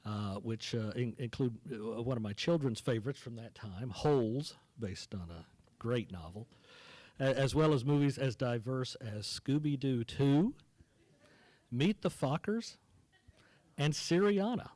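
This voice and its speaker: Male moderator at a cinema event; mellow tone, measured with hesitations, dry close sound. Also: medium pitch, expressive, no room sound. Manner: measured, with frequent uhs and restarts. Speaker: moderator and film critic. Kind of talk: onstage interview questions. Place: cinema stage before an audience.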